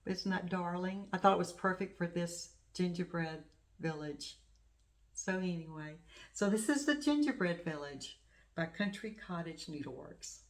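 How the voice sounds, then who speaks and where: A middle-aged woman with a fairly low voice talks in a loose, chatty way. She rambles and gushes over small things, like a craft channel host showing off her work. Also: animated, measured pace. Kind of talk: casual show-and-tell chat.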